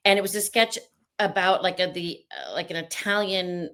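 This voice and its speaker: A woman's voice: fairly low pitch, steady tone, normal speed, fairly bright tone. A woman being interviewed, telling rambling, playful stories about her acting work in a casual chat. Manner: chatty, rambling with restarts and playful asides. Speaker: interview guest, actress.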